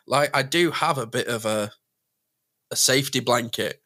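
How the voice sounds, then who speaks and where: An English man co-hosting a podcast, chatting casually and animatedly with quick asides. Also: medium pitch, steady tone, pushed and bright. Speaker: podcast co-host. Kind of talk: casual chat.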